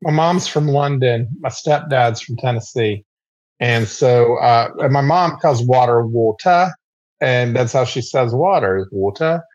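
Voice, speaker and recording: A man guest on a casual podcast chat, telling an animated family story. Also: mid-range voice, measured pace, no echo, muffled recording.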